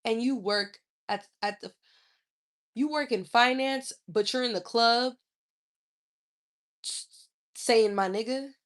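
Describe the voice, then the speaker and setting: A woman's voice: a little high, steady tone, slow, long pauses. A woman hosting a casual live stream, answering viewer comments in a blunt, profane, scolding way.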